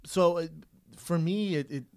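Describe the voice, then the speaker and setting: A man's voice: high-pitched, measured pace, smooth. A man in his thirties co-hosting a podcast, talking bluntly and swearing on a studio mic. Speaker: podcast co-host. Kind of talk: casual debate.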